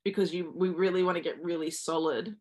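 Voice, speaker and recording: A woman's voice: on the low side, steady tone, a little fast, darkish tone. A woman guest giving earnest motivational advice, speaking directly to listeners as a confidence coach.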